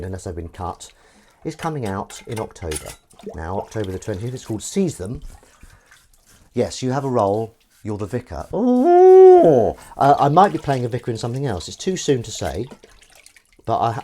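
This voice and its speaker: A man's voice: lowish voice, a little mellow, slight background noise. A man chatting casually on a live stream while washing up, rambling, joking and swearing freely.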